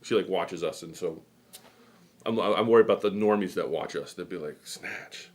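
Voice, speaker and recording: A man's voice: sits low, a little fast, darkish tone. A middle-aged man from New England hosting a casual show, telling rambling stories and chatting as he goes. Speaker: host. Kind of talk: casual chat.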